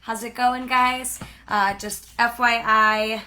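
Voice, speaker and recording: Bubbly, bright-voiced woman trainer. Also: fairly high pitch, steady tone. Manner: bubbly and chatty, talks fast. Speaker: sales team director and trainer. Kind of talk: live-streamed training talk.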